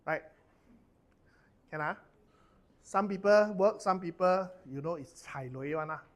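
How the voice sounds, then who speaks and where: A man's voice: high voice, a little slow. A middle-aged man with a Malaysian English accent leading a corporate training workshop, chatty and loose, dropping lah and lor at the end of his sentences.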